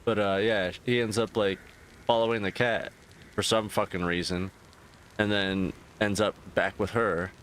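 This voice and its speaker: A man streaming and chatting casually, ranting in a profane, rambling and animated way. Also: fairly low pitch, a little slow, a little hiss or hum. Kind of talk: casual chat.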